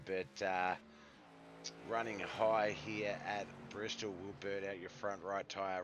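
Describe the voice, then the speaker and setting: An Australian man commentating a live sim truck race in a relaxed, rambling way, with lots of fillers and self-corrections, his voice starting to go. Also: low-pitched, muffled recording, a little hiss or hum.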